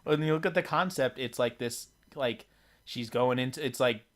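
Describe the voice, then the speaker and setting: A man's voice: mid-range voice, normal speed. Rambling man in casual chat. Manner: rambling, many fillers and restarts. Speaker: podcast co-host. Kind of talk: casual chat about video games.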